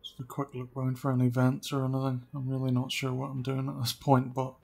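A man giving casual gameplay commentary, chatty and often dropping to quiet muttering as he sneaks around. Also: mid-range voice, completely flat delivery, a little fast, gravelly, slightly rough. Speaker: let's play gamer.

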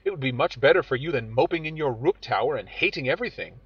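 A man voicing a frank, teasing young woman who questions briskly and speaks in a bright, bossy way. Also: mid-range voice, animated, slightly rough, no echo. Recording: dull audio with faint music.

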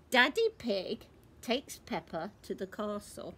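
A woman from a nursery, reading a picture book aloud to young children, in a warm sing-song manner with questions to the listeners. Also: medium pitch, expressive, measured pace, breathy edge.

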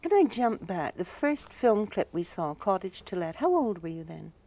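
Woman, interviewer, mellow warm tone, brisk probing questions. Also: mid-range voice, big pitch swings. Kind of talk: broadcast interview. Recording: TV studio interview from 1983.

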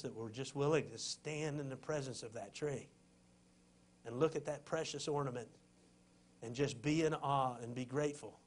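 A man preaching a sermon as pastor, in an impassioned, folksy way that swings between loud urging and hushed tenderness. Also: mid-range voice, a little hiss or hum.

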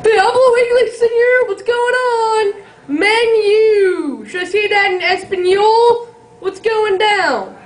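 A man's voice: very high voice, measured pace, roomy sound, a little hiss or hum, low-quality recording. A man voicing a brash, swaggering customer barking an order at a counter.

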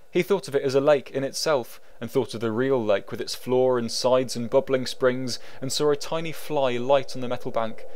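A man who wrote the book, reading it as an audiobook narrator in a wry, meandering, deadpan way. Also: medium pitch, background noise.

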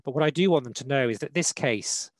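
A man speaking as a law panelist in a formal online talk, measured and hesitant with frequent fillers, on a video call. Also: medium pitch, no room sound, poor audio. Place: online webinar.

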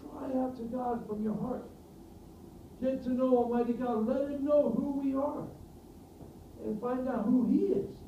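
A man preaching a sermon, earnest, often asking the congregation questions and building to loud emphatic peaks. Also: very high-pitched, steady tone, measured pace, a little hiss or hum. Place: church hall. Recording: distant roomy mic, dull sound, faint ambience.

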